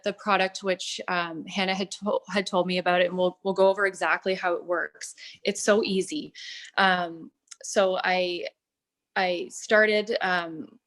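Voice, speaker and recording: A woman in her thirties telling her personal story in a testimonial, earnest and halting, with many fillers and restarts. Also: on the low side, fairly bright tone. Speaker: product testimonial speaker.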